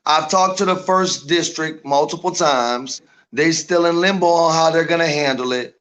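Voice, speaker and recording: Brief: man, stream guest, blunt and determined, slightly high voice. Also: normal speed, a bit bright.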